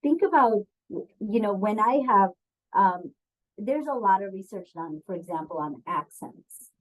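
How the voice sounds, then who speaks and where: A diversity and bias trainer presents a webinar on bias, speaking conversationally with frequent ums and asking her audience questions. Her medium-pitched voice has lively intonation and a measured pace, though the recording quality is low.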